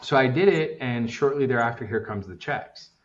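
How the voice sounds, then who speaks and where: A man's voice: mid-range voice, expressive, moderate pace, echoey room. Man, podcast co-host, casual storytelling, lots of ums, slightly dull sound. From Los Angeles. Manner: rambling, many fillers, acts out quotes.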